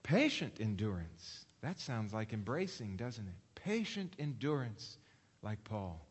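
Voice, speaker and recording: A man preaching a sermon, asking the listeners questions and slowing down to read scripture aloud. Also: lowish voice, big pitch swings, husky, in a large hall. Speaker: pastor.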